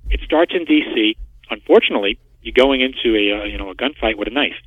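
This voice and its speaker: A man's voice: mid-range voice, quick pace, no echo. A man being interviewed by phone as a market expert, talking emphatically and driving his points home with rhetorical questions. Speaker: market structure expert guest. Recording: tinny phone line, dry.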